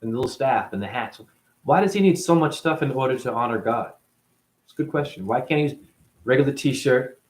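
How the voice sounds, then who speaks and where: Rambling man with lively pitch. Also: moderate pace, pauses often, echoey room. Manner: rambling, rhetorical questions, playful asides. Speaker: spiritual talk show host. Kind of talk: rambling monologue to camera.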